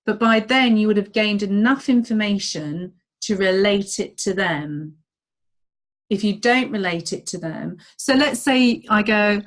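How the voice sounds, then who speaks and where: A woman leading a group video call as a business coach, chatty and acting out little dialogues in bright voices. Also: mid-range voice, unhurried.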